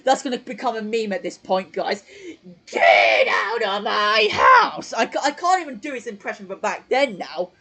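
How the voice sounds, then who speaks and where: A man's voice: high voice, lively intonation, brisk, few pauses, poor audio. A male host giving casual live-stream commentary from home on his desk mic, rambling with lots of fillers and self-corrections. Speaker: channel host.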